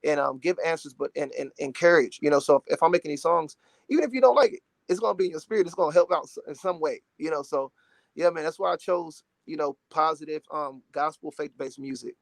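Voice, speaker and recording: Earnest, animated young man, slightly high. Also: quick pace, vocal fry, dry recording. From Dallas, Texas. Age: 20s. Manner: earnest and emotional, animated, many "you know"s. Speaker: gospel recording artist, interview guest. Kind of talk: casual interview talk.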